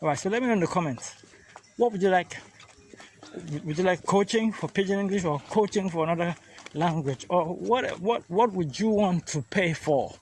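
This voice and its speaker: A man's voice: high voice, moderate pace, a little hiss or hum. Easygoing man vlogging on the street. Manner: easygoing and chatty, mixing in pidgin greetings. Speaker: language coach. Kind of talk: casual vlog lesson. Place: outdoors on a street, walking.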